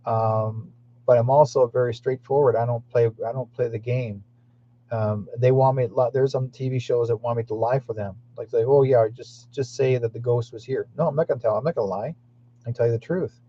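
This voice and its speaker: A man's voice: medium pitch, fairly even intonation, brisk, muffled recording. A man hosting a psychic talk show, telling stories in a rambling way with many restarts and reading viewer comments aloud.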